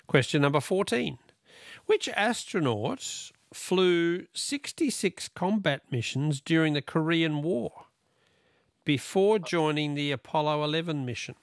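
A man's voice: a little high, expressive, a little slow, dry recording, studio quality. A middle-aged Australian man hosting a talkback radio quiz, chatty and joking with callers. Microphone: studio microphone.

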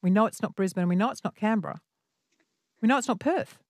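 A woman's voice: medium pitch, fast, darkish tone, dry recording, clean studio sound. A middle-aged woman hosting a talkback radio quiz, playful and teasing with her callers. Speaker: radio host.

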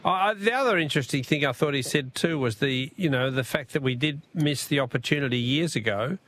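A man's voice: medium pitch, fairly quick, fairly bright tone, slight background noise. A man with an Australian accent hosting talkback radio, chatty and joking with callers. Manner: chatty, laughs often, friendly banter.

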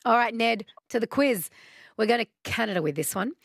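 A woman hosts a talkback radio show in a friendly, upbeat way and laughs easily with callers. Her voice sits slightly high with a gravelly edge. The studio sound is dry. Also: lively intonation, brisk, no room sound. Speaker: radio host.

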